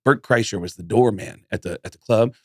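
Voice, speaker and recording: Comedian guest, male, energetic storyteller who mimics people, dry close mic. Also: on the low side, a little fast, dry recording. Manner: animated storyteller who acts out voices. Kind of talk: casual storytelling chat.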